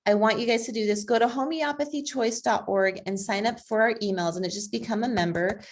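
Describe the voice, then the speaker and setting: A woman speaking as a guest on a video call, persuasive and energetic, with frequent fillers. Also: on the high side, brisk. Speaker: guest speaker, advocacy group president. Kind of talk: conversational online talk.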